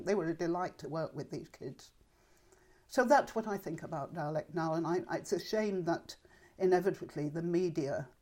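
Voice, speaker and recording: Low, darkish and husky, this older woman's voice carries her memories through an interview. She's reflective and talkative, freely sharing her opinions as she reminisces.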